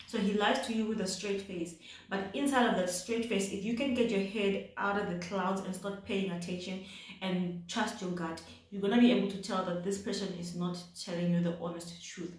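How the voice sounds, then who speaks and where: A woman's voice: mid-range voice, darkish tone. A woman from South Africa giving dating advice to camera in a chatty, repetitive way, often checking in with "right?". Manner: chatty, repeats points with "right?". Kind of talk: casual advice talk to camera. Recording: very echoey room, distant mic.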